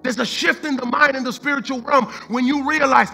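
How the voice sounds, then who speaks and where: A man's voice: extremely high pitch, steady tone, a little fast, vocal fry, bright, forceful tone, faint music behind. A man preaching a sermon as pastor, fervent and repetitive, mixing in street slang and the odd line of Spanish.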